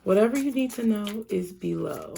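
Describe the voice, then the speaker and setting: A woman's voice: mid-range voice, expressive, normal speed, creaky, mellow, slight background noise. A woman giving a casual tarot reading, chatty and blunt, with frequent swearing. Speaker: tarot reader.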